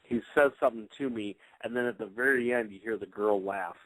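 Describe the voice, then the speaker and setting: A man's voice: on the low side, a little fast, no room sound, rough recording. A man, a paranormal investigator, chatting casually on a radio show, rambling with many fillers and restarts.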